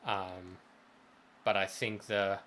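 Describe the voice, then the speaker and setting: A man with a somewhat low voice talks through his ideas slowly on a gaming livestream. He rambles and restarts his sentences as he thinks aloud. There is faint background noise behind him. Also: steady tone, fairly bright tone. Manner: thoughtful, rambling, many restarts. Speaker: co-host of a gaming stream. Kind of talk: casual chat.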